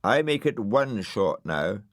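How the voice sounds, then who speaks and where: Grumpy pompous storybook dog done by a man, huffy and indignant, dry close sound, unhurried. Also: fairly low pitch, big pitch swings, dry recording. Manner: indignant, sulky, grandly aggrieved. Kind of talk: audiobook character voice.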